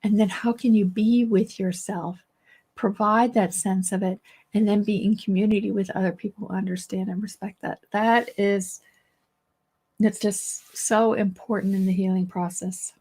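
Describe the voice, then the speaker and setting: A woman therapist giving a casual solo talk, reassuring and thinking aloud, hoarse because she is losing her voice. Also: mid-range voice, steady tone, moderate pace. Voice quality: gravelly, husky. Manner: warm-hearted, reassuring, thinks aloud with restarts. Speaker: therapist and teacher.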